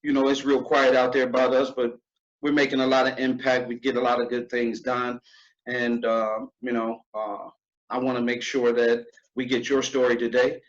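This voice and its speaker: A man's voice: medium pitch, flat delivery, moderate pace, muffled recording. A man hosting an interview show, speaking in an earnest, conversational way with fillers. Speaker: host. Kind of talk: podcast interview.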